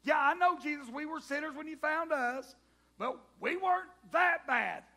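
A man preaching as a pack of indignant disciples, exasperated and disbelieving, in a high voice. The complaints come out sharp and forceful. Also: lively intonation, normal speed, slightly rough, long reverb tail, exaggerated voice. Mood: incredulous. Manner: exasperated, incredulous.

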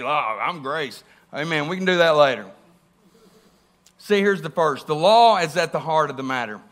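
A man preaching a sermon in a church, animated and often asking the congregation questions. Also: high voice.

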